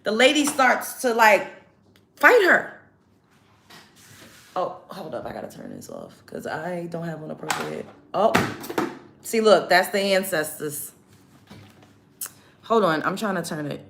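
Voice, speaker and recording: A woman's voice: on the low side, huge pitch swings, unhurried, vocal fry, long pauses, fairly bright tone. A woman hosting a livestream, retelling events to her chat in a heated, profane, emphatic rant. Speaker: livestream host.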